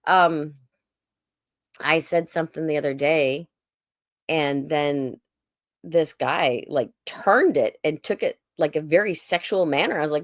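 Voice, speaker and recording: A woman's voice: low voice, measured pace, no echo, studio quality. A woman cohosting a comedy podcast, chatting casually and acting out quoted dialogue as she tells stories. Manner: animated, acts out quoted dialogue. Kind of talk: casual chat, storytelling. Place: Oklahoma.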